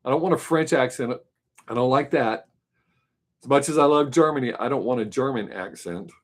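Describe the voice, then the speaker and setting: A man's voice: mid-range voice, moderate pace. Man musing on a live stream. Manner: musing, rambling, joking. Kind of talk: casual chat with viewers.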